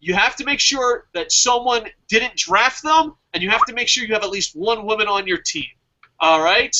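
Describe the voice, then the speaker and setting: A man's voice: sits high, expressive, moderate pace, lo-fi sound, background noise. A man hosting a fantasy wrestling draft show, talking in a casual, profane way and laughing at his own jokes.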